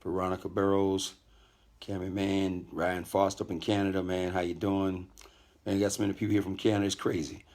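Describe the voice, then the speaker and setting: Middle-aged male host, low voice, calm and measured, casual motivational live-stream talk. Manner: deliberately calm, greets many viewers by name, repeats himself. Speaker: network marketing leader hosting a live stream. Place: hotel room.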